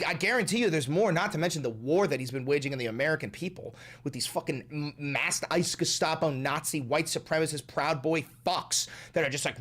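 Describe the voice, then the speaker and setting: A young man streaming, ranting heatedly about politics, swearing often and mocking his opponents. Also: on the high side. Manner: profane, heated, mocking, animated delivery.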